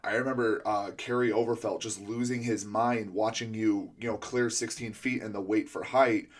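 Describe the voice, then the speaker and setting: A man's voice: on the low side, steady tone, moderate pace. A man hosting a casual interview, a coach who rambles with many restarts and fillers. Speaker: podcast host and throwing coach.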